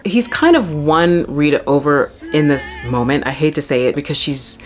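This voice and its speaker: A woman's voice: low voice, animated, moderate pace, few pauses. A young woman who is an opera singer and channel host, chattily and enthusiastically explaining an opera plot.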